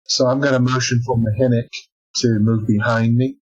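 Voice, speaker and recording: A man at middle pitch plays a tabletop game and keeps his turns short and to the point. The recording sounds dull and lo-fi, as if the highs were cut off. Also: level tone, moderate pace, darkish tone, husky. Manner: brief, terse answers. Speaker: player.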